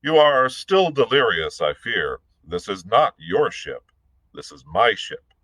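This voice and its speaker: A man's voice: lowish voice, big pitch swings, slow pace, a bit bright, no echo, full character voice, poor audio. A man voicing a sardonic, witty Irish pirate captain, speaking in a dry, mocking, self-assured way in a read-aloud story.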